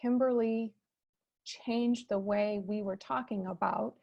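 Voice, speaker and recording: A woman moderating a fireside chat over a video call, explaining terms in a measured, teacherly way. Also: mid-range voice, fairly even intonation, vocal fry, highs cut off.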